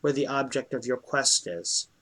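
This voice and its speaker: A man's voice: mid-range voice, normal speed, a bit bright, natural voice. A man voicing an ancient, ghostly male guardian who is the last of his lost tribe, in a tabletop role-play game. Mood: solemn.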